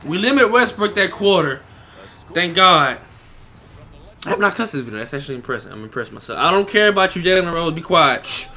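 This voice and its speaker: Excitable young man calling his own gameplay. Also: on the high side, fairly quick. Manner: excitable, reacts loudly to plays, talks to players and viewers. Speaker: gaming YouTuber. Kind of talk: live gameplay commentary.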